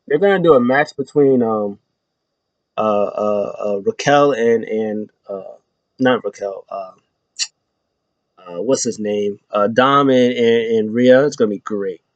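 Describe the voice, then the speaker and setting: A man's voice: on the low side, a little slow, dry recording, dull audio. A man hosting a casual recap show, telling it in a loose, rambling way and often correcting himself. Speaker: show host recapping wrestling.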